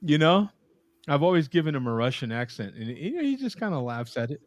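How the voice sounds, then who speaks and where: Animated joking man hosting beer chat. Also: on the high side, brisk, no echo. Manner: joking, rambling, laughs often. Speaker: podcast host. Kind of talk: casual chat over beers.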